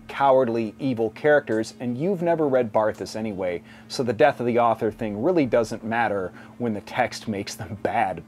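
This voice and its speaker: Sardonic man with a lively voice. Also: mid-range voice. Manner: sardonic, mocking asides. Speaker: video essay host. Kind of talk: scripted commentary video essay.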